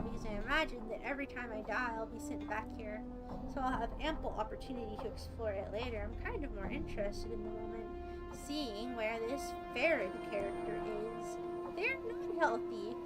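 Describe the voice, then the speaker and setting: Woman, high voice, casual let's play chatter, self-deprecating, game music underneath. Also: low-quality recording. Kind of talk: casual gameplay commentary.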